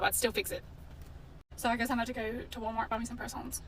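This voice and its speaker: Woman, storytime vlogger, fired-up and blunt, slightly high voice, caught from off-mic with faint noise behind. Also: level tone, quick pace, fairly bright tone, recorded from a distance, rough recording. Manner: indignant, blunt, swearing storyteller. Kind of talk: casual storytime vlog.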